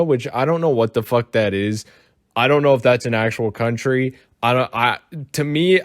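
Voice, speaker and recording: A man's voice: a little high, no room sound, studio quality. A man from the United States giving casual, rambling reaction commentary and swearing freely. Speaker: commentary YouTuber.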